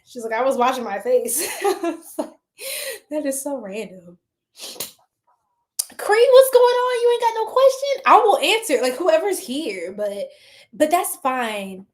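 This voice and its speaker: Woman, tarot livestream host, lilt, slightly high voice, casual, laughs and swears often. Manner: chatty, swears, laughs often, talks to chat. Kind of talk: casual livestream chat with viewers.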